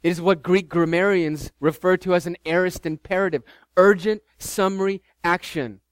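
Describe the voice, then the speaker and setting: A pastor preaching with lively, shifting emphasis, his voice sitting a little high for a man. The sound is close and dry, with no room around it. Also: no room sound. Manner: animated preaching, voices the disciples mockingly. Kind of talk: sermon.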